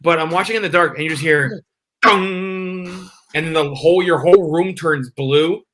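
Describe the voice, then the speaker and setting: A man co-hosting a casual podcast chat, telling stories with excitement and building suspense. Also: fairly high pitch, a little fast. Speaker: podcast co-host.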